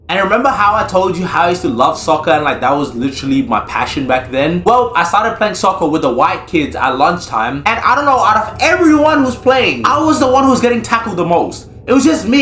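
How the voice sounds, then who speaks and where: A young man vlogging, telling a comic story from school in an animated, slangy way. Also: fairly high pitch, a little fast, few pauses, faint music behind.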